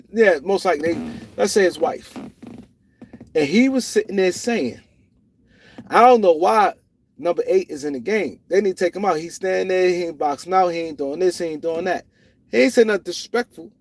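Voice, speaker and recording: A man's voice: fairly high pitch, no room sound. A middle-aged man, hosting a casual livestream, telling stories with lots of repeats and restarts. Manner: animated storytelling with repetitions and restarts. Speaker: host.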